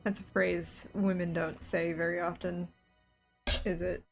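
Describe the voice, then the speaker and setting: A woman's voice: lowish voice, level tone, a little slow, gravelly, faint music behind. A young woman hosting a let's play from home at a desk mic, chatty and exasperated with her computer. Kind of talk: casual gameplay commentary. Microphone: desk microphone.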